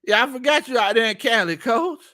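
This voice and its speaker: A man's voice: very high-pitched, a little fast, pushed and bright. A man hosting a casual sports livestream, laughing often and reading viewer comments aloud as he tells stories. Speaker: sports show host.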